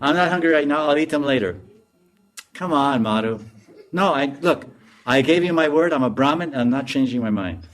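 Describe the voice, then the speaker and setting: A man's voice: a little high, animated, a little fast, natural voice. A man voicing a greedy, comic boy priest who blusters and threatens indignantly. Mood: stubborn.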